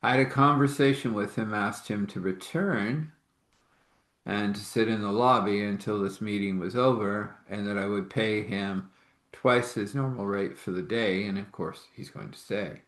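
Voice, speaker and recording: A man's voice: fairly low pitch, normal speed, fairly bright tone, roomy sound. A man casually telling a faith story, rambling along and acting out the dialogue of the people in it. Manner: rambling, acts out quoted dialogue.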